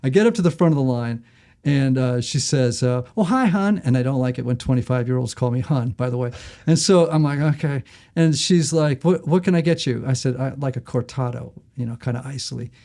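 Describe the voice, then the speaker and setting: A man's voice: medium pitch, fairly quick. A middle-aged man, an author and guest, telling stories animatedly in conversation and acting out the voices in them. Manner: lively, acts out voices in anecdotes.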